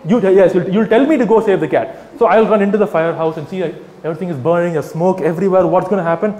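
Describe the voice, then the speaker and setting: A man giving a live talk to an audience, animated and mocking, acting out little scenes. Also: high-pitched, quick pace. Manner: animated, mocking, acts out scenes with quoted voices. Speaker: vegan activist speaking to an audience. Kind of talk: live public talk to a crowd. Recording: echoey hall, faint room ambience.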